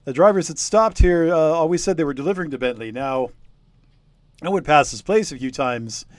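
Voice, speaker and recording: A man's voice: a little high, fairly quick, dry recording, voice pushed up, lightly acted. A man voicing an older male village workman who rambles through local rumors in a folksy way, near his own voice. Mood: musing. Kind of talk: tabletop game character voice.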